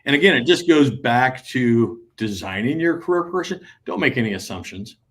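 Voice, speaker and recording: A man co-hosting an advice podcast, talking in an animated way, acting out imagined conversations and checking in with "right?". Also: mid-range voice, moderate pace. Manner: peppers sentences with "right?". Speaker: podcast co-host and transition advisor.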